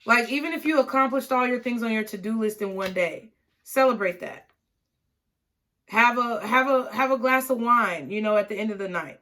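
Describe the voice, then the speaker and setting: At a normal speed, her fairly high, slightly bright voice guides a casual tarot reading for viewers. She's encouraging, repeats words, and often checks in with "okay?"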